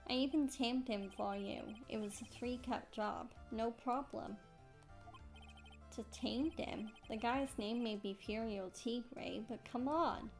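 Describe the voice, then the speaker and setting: A woman's voice: fairly high pitch, slow, faint music behind. A woman voicing a cool, smug male prosecutor who talks in a dry, confident way.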